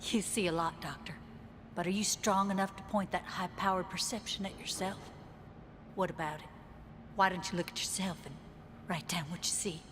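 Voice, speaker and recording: A woman's voice: fairly low pitch, fairly even intonation, long reverb tail, background noise, lightly acted. A woman playing an earnest young FBI trainee. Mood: probing. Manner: probing, measured.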